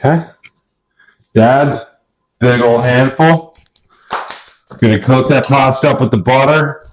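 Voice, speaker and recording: A man, a dad, hosting a casual family cooking show in a home kitchen with playful hype-man patter and shout-outs. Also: medium pitch, a little slow, slight background noise, rough recording.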